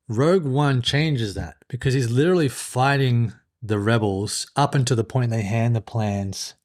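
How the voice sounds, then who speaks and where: Guy on a podcast going on about movie lore, eager, mid-pitched voice. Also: normal speed, a little mellow. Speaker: podcast co-host. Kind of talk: casual chat.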